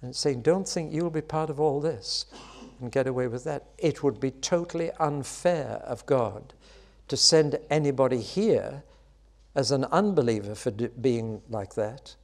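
Expressive male preacher giving a sermon. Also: a little slow. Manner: expressive, builds to loud, high exclamations then drops to soft.

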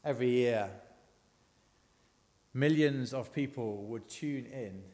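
A man's voice: mid-range voice, takes it slowly, dark tone, in a large hall. A man giving a conversational sermon, asking the congregation questions as he goes. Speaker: preacher. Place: church.

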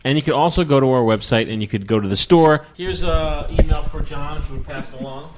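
A man's voice: fairly high pitch, fast, a crowd in the background. A man hosting a podcast in casual chat, running the show and steering the conversation. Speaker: podcast host.

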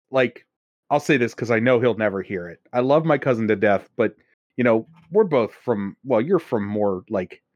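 A man's voice: mid-range voice, animated, unhurried, darkish tone, no echo, muffled recording. Rambling, laughing man from Pennsylvania. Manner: rambling, laughs often, restarts sentences. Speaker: podcast co-host. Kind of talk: casual chat.

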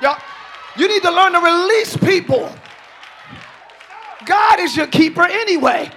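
A man in the pulpit delivers a live sermon. His voice sits unusually high and rings bright and piercing. He builds his points into shouted peaks and breaks off to tease the congregation. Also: lively intonation, unhurried, soft background music, a faint crowd. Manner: preaching with rising shouts and asides to the congregation. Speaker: pastor. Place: church.

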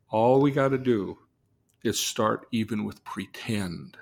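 A man, a therapist, telling a case story, acting out the voices of the people in it and moving between soft, low asides and loud, excited bursts. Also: slow, creaky. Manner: vivid storyteller, acts out the people in his stories.

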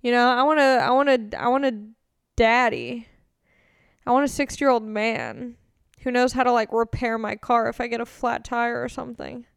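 A woman's voice: a little high, animated, normal speed, gravelly, clean tone, no echo, clean studio sound. A young woman from California hosting a podcast, chatting casually and crudely in a rambling way with lots of fillers. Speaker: podcast host. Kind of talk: casual chat answering questions.

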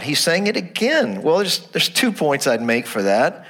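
Animated male pastor preaching. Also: a little high, normal speed, hardly any pauses. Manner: animated preaching, repeats phrases, asks rhetorical questions. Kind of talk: sermon.

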